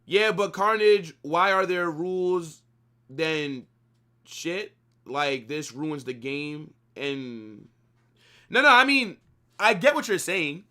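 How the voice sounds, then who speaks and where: A young man with a slightly high, ringing voice discusses football slowly on a live watch-along stream. Lively and opinionated, he mixes in slang and offhand swearing while making his case in a relaxed, chatty way.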